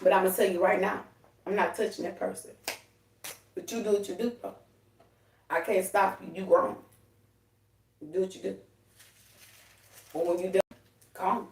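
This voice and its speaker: A woman's voice: mid-range voice, steady tone, moderate pace, long pauses, darkish tone, distant mic, slight background noise. A woman rants heatedly on a spiritual livestream, profane and preachy. Her voice sits a little back from the mic in an echoey room. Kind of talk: casual spiritual livestream talk.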